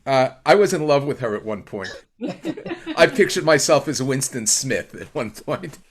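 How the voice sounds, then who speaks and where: A man's voice: medium pitch, expressive, normal speed. A man hosting an online song swap in a casual, hesitant way, with lots of fillers and small laughs. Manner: hesitant, full of fillers, chuckling.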